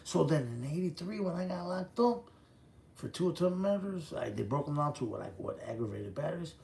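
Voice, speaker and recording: A man's voice: a little high, animated, normal speed, gravelly, a little mellow. A man in his fifties from the Chicago area, telling his own prison story in a blunt, profane, street-talk way. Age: 50s. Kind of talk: casual storytelling.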